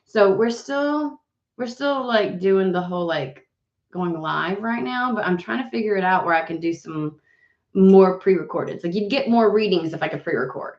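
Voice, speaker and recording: A woman's medium-pitched, darkish voice moves at a moderate pace as she hosts an informal tarot stream from home. Talking into her webcam, she rambles and swears freely; the audio is roomy and a little dull.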